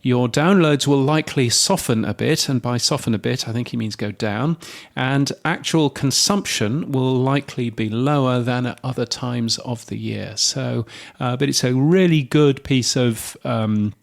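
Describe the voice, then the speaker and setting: A man co-hosts a podcast in a relaxed, chatty way, with a gravelly edge to his voice. He fills his pauses with plenty of ums and uhs. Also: mid-range voice. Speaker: podcast co-host. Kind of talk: casual podcast chat.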